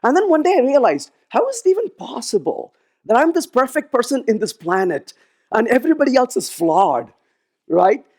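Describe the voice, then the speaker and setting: Animated male keynote speaker. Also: very high-pitched, normal speed. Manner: animated, acts out dialogue in his stories. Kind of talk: conference keynote storytelling. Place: conference stage.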